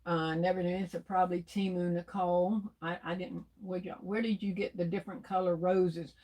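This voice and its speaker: A woman's voice: lowish voice, flat delivery, fairly quick, dark tone. A woman hosting a casual livestream, demonstrating gift baskets and chatting to viewers as "y'all". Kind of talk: casual live demonstration talk.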